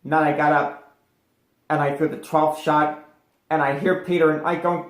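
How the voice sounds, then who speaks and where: A man's voice: a little high, level tone, moderate pace, long pauses, echoey room. A man telling a personal story as an interview guest, rambling with many fillers and restarts.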